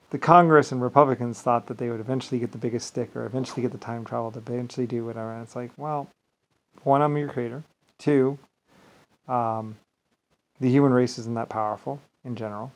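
Man with an average-pitched voice, rambling grandly to camera, volume rising and falling. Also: rough recording. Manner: meandering, repeats "like I said", swings between loud and quiet; grandiose, self-assured. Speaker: vlogger. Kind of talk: rambling solo monologue.

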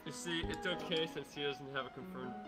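A man's voice: fairly high pitch, fairly even intonation, fairly quick, loud music behind the voice. A man chatting as a player in a social VR game, commenting dryly.

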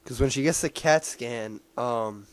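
A man's voice: medium pitch, a little slow. Rambling casual man recapping a film. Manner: rambling, with many fillers and restarts. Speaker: movie reviewer. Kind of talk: casual spoken movie recap.

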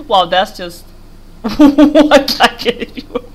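A woman's voice: high voice, huge pitch swings, takes it slowly, a little hiss or hum. A young woman giving casual, giggly commentary while playing a game, rambling and talking to the character on screen. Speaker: gaming YouTuber.

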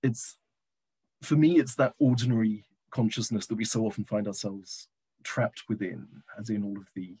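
Husky-voiced man giving a reflective lecture. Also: on the low side, fairly even intonation, mellow, poor audio. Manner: reflective, hesitant, slows down for readings. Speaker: guest lecturer and poet. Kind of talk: lecture with readings over a video call. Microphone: computer mic on a video call.

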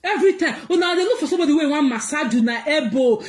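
A Nigerian woman with a very high, piercing voice rants to her viewers. She slips between pidgin and English, laughs through her sentences and breaks into loud scolding bursts. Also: animated, fast talker. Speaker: social media commentator. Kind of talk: ranting vlog commentary.

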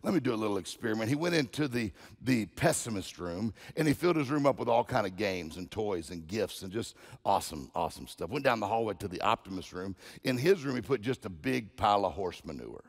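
Gravelly-voiced guest preacher telling stories. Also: male voice, fairly low pitch, animated, a little fast, few pauses, big-room sound. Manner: storytelling, folksy, repeats himself. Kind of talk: sermon with humorous stories.

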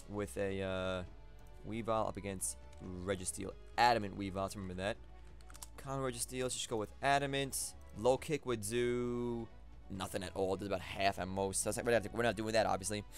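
A young man giving live gameplay commentary, thinking aloud and talking to his opponent with excitable swings of energy. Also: fairly low pitch. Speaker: competitive battle commentator.

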